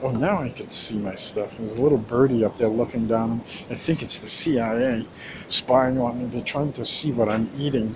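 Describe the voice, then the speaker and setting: A man's voice: mid-range voice, noisy background. A man ranting in a casual, rambling monologue, cursing often and restarting his sentences. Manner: rambling, profane, many restarts and fillers.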